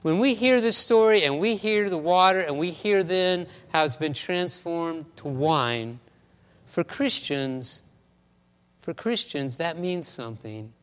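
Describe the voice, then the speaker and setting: A man's voice: a little high, animated, a little slow, fairly bright tone, clean tone, long reverb tail. A man pastor preaching a sermon, telling a story with many stammers and restarts, in a church.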